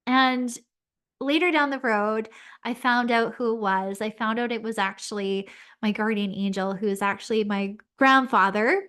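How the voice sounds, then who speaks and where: A woman's voice: on the high side, steady tone, moderate pace, a bit bright, clear, resonant tone. A woman hosting a podcast who tells a personal story in an earnest, heartfelt way, often using "um" and "like". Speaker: podcast host and spiritual medium.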